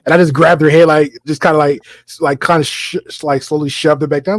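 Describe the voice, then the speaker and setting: A man in casual podcast conversation, talking in a relaxed slangy way with lots of restarts and fillers. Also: on the high side, fairly quick, few pauses, dry recording, soft background music.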